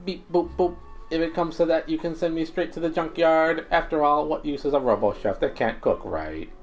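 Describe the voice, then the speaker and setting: Cheerful beeping robot chef, higher than the reader's own voice, put on by a let's-play streamer. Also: normal speed, faint music behind, lightly acted. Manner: sprinkles beeps and boops into speech. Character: upbeat robot chef, cheerful, proud of his cooking. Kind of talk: reading game dialogue aloud.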